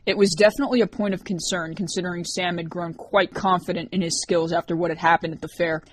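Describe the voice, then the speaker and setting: A woman narrating an audiobook in a steady, even reading voice. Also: fairly low pitch, quick pace, a little hiss or hum.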